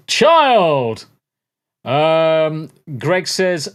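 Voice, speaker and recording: A man's voice: on the high side, animated, measured pace. A man hosting a casual podcast, rambling through his backlog and swearing freely, with an air conditioner crackling behind him. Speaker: podcast host. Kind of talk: casual chat.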